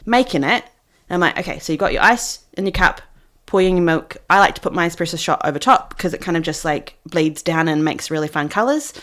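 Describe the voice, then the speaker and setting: A woman co-hosting a podcast, chatting casually and acting out what people said in an animated way. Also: on the low side, a little fast, hardly any pauses. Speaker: podcast co-host. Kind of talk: casual chat.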